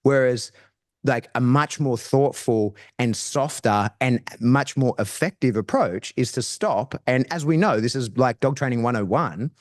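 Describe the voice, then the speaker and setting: A man's voice: mid-range voice, measured pace, dry recording. Slangy dog-trainer man, dry sound. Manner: animated, slangy, restarts phrases. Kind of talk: casual explanatory chat.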